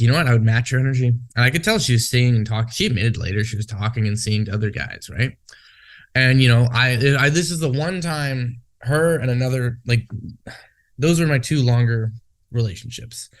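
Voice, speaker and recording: A man's voice: mid-range voice, normal speed. Profane, rambling man. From Western Canada. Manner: profane, rambling, goes off on tangents. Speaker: podcast co-host. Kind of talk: casual podcast chat.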